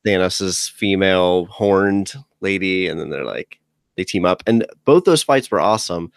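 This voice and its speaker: A man's voice: low voice, a little slow, no echo, clean studio sound. A young man co-hosting a casual chat, laid-back and joking at his own expense. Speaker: podcast co-host.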